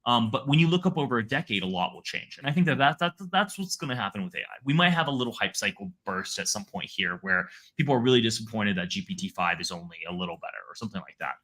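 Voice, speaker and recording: A man's voice: on the low side, lively intonation, fast talker, hardly any pauses, bright, forceful tone. A man speaking as a guest analyst in a casual interview, talking in rambling runs full of restarts and fillers.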